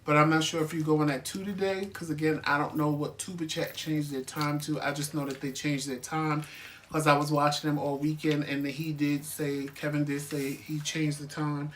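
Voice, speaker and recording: An easygoing man co-hosting a relaxed chat show. He rambles a little as he talks, in a playful way, and goes over his points more than once. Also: on the high side, normal speed, slight background noise. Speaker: co-host of a couple's talk show. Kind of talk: casual chat.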